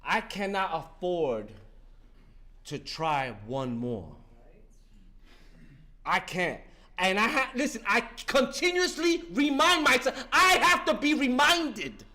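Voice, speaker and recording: Fifties guy preaching his recovery story, swears a lot, keeps saying listen, lively up and down voice. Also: sits high, slow, long pauses. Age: 50s. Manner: fervent, profane, street-talking, repeats "listen". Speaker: recovery meeting speaker. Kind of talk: impassioned recovery share.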